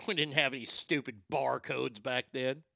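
A man's voice: medium pitch, moderate pace, gravelly, dry recording, clean studio sound. A middle-aged man doing stand-up, telling a crude family story and acting out the quotes. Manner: crude, animated, acts out quotes. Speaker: stand-up comedian.

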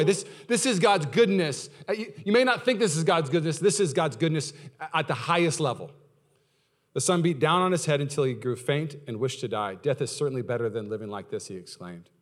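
A man, preaching a sermon as pastor. His talk is conversational and full of questions to the audience, and he swings from loud, high outbursts to low, quiet stretches.

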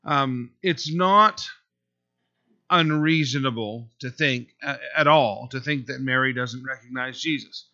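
Earnest preaching man, bright forceful voice. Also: mid-range voice, steady tone, highs cut off. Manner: earnest, conversational preaching with frequent pauses. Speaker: pastor. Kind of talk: expository sermon.

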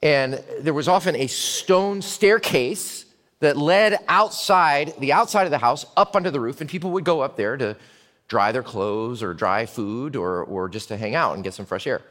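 A man preaching a storytelling sermon in a church. He is animated and dramatic and swings from hushed to loud. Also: medium pitch, normal speed. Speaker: pastor. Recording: long hall reverb.

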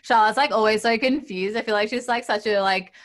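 A woman's voice: a little high, brisk. An Australian woman co-hosting a podcast, chatty and giggly, with lots of fillers as she recaps. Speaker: podcast co-host. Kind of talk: casual chat.

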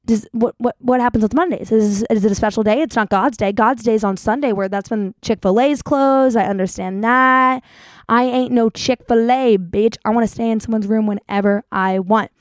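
A young adult woman vlogger telling a story in a chatty, animated way and acting out what people said. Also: fairly high pitch, moderate pace, no room sound. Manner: chatty, animated, acts out quotes. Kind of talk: casual storytelling vlog.

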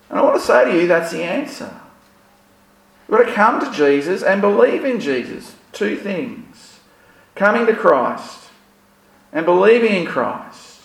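A man's voice: high-pitched, big pitch swings, a little slow, vocal fry, echoey room, poor audio. A man preaching a sermon. He talks conversationally and uses rhetorical questions and light humor. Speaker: pastor. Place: church.

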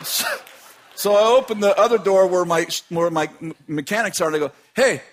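A man's voice: high voice, a little fast. A man who runs a business telling a long funny story in a casual way, laughing often as he talks.

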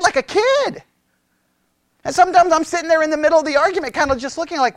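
A Bible teacher giving a conversational sermon, animated and exasperated, who mocks his opponents in raised voices. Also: very high voice, fast, no echo, clean studio sound.

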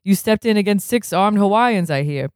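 A reader voicing a blunt, gruff older male recovery sponsor in a crooner-style voice, in an audiobook-style reading. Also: medium pitch, lively intonation, moderate pace, a little mellow, dry recording, clean studio sound, lightly acted. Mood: mocking.

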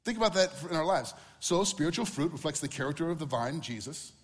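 A middle-aged man delivers a sermon in a casual, conversational tone, slipping into funny acted-out quotes. His voice sits slightly high for a man. The sound rings with a long reverb, as in a church hall. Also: animated, quick pace. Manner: conversational, acts out quotes with humor. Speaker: pastor.

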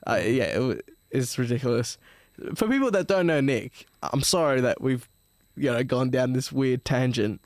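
Podcast guest: man, middle pitch, loose and sweary storyteller, dry close mic. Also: lively intonation, normal speed, few pauses, dry recording. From Melbourne, Australia. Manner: rambling, profane storyteller. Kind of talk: casual chat.

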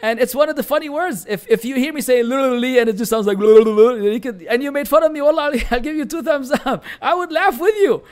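On an animated live stream full of banter and Arabic expressions, a Lebanese-accented man, Arabic by birth, answers viewers' questions as an Islamic teacher. He talks fast in a very high pitch, barely pausing.

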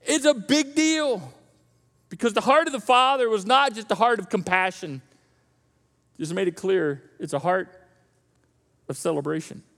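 High-voiced preacher in a reverberant church. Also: male voice, moderate pace, pauses often. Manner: conversational, animated storytelling preacher. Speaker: pastor. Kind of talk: sermon. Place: church auditorium.

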